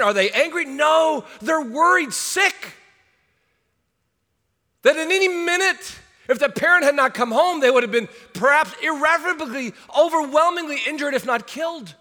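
A male pastor preaching a sermon, swinging from hushed asides to shouted urgency. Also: extremely high pitch, animated, moderate pace. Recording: long hall reverb.

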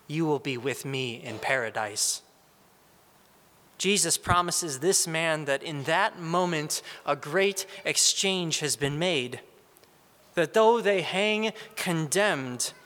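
A man giving a slow, earnest Good Friday meditation as a preacher. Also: on the high side, sharp tone, big-room sound. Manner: slow, earnest, reflective delivery.

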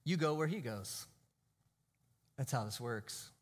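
A man's voice: mid-range voice, animated, slow. A male pastor preaching in a church, emphatic, drawing out key phrases and sometimes dropping to a near whisper. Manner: drops to a hushed, almost whispered voice for emphasis. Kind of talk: sermon.

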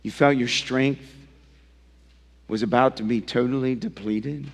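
A male pastor preaching a sermon, emphatic and swinging from loud to hushed, often asking his listeners direct questions. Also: mid-range voice, steady tone, unhurried, creaky, breathy edge. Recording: long reverb of a large hall.

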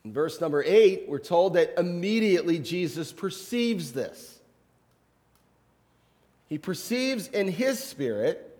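A man's voice: high-pitched, long reverb tail. A man, a pastor, preaching a sermon in a conversational way, with rhetorical questions and light humor.

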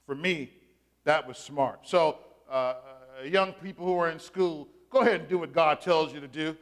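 A man's voice: fairly high pitch, moderate pace. A middle-aged male pastor preaching a sermon in a conversational, storytelling way, asking his congregation questions and sharing personal stories.

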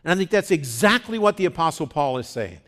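A man's voice: fairly high pitch, very animated, quick pace, fairly bright tone. A middle-aged male pastor preaching a conversational sermon, teaching plainly and leading the congregation to repeat words after him. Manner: conversational, teaching, leads the congregation in call and response.

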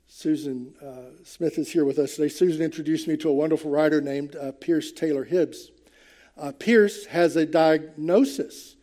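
A man's voice: a little high, warm tone. An older man preaching a sermon to his congregation in church, earnest and conversational, with hesitant fillers. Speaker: pastor.

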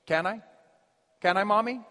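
A man's voice: high voice, normal speed, bright, forceful tone, long reverb tail. A man voicing a nagging little kid who begs a parent for candy in a whiny, pleading way.

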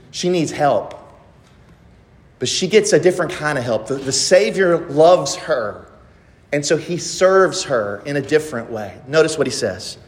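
A man preaching a sermon from the pulpit, pressing his listeners with emphatic rhetorical questions. His voice sits a little higher than most men's and rings out with a long reverb, as in a large church sanctuary. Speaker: pastor.

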